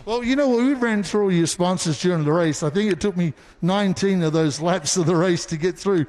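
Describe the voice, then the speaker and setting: A high-pitched man interviews drivers trackside, full of exclamations. His voice carries a long echo from the open race track. He is the show's reporter on the ground. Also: a little fast, a little mellow. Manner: enthusiastic, exclaiming.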